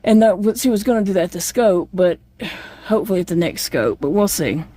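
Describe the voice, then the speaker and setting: A woman's voice: medium pitch, expressive, a little fast, warm tone. A middle-aged woman, telling her own story in a casual vlog chat, plainspoken and rambling with many fillers. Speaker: chronic illness vlogger.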